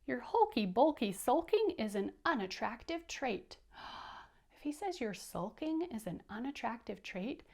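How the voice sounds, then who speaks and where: A woman's voice: a little high, vocal fry, a little mellow. A woman teacher reading a picture book aloud to young children, laughing and stopping to explain words.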